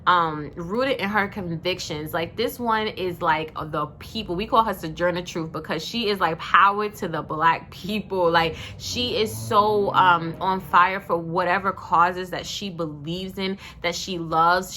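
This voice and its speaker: A young woman pours out praise for her family in an emotional, effusive tribute. Her voice sits fairly low yet sounds bright and forward. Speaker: vlogger honoring her family. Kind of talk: heartfelt personal tribute.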